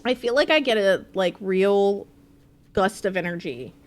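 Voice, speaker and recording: A woman's voice: mid-range voice, lively intonation, measured pace. A woman streaming a game live, chatting playfully and swearing freely as she thinks aloud. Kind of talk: casual live gameplay commentary.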